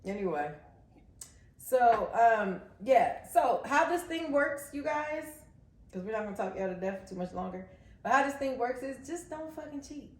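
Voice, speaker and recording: A woman's voice: fairly high pitch, expressive, normal speed. Playful woman chatting in echoey room. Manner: playful, teasing interjections. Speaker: co-host, wife. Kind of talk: casual couple chat.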